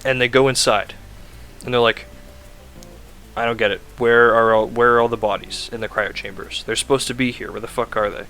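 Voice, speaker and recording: A man's voice: mid-range voice, steady tone, fairly quick, pushed and bright, soft background music. A man casually rambling through a recap of a video game plot, full of "like" fillers and self-corrections.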